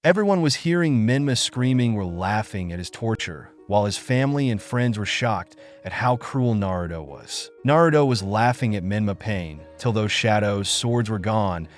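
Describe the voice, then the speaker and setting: A man narrating a fan fiction story in a flat, hurried reading with slips. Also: lowish voice, soft background music.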